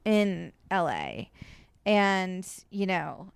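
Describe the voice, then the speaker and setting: A woman's voice: lowish voice, wildly swooping pitch, very slow, creaky, clear, resonant tone, no room sound. A woman co-hosting a podcast at home, chatting animatedly with lots of fillers. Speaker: podcast co-host. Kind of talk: casual chat. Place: home, indoors.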